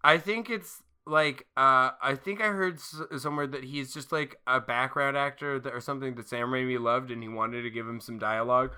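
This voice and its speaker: Podcast co-host, young man, very bright and clear voice, loose and jokey. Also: medium pitch, fairly even intonation, moderate pace, hardly any pauses. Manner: laughing, swearing, mimicking movie lines. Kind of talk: casual chat.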